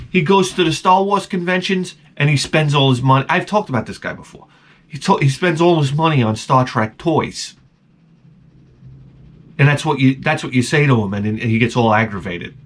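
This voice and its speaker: A middle-aged man vlogging, telling rambling, crude and profane stories that keep interrupting themselves. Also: mid-range voice. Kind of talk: casual rambling storytelling.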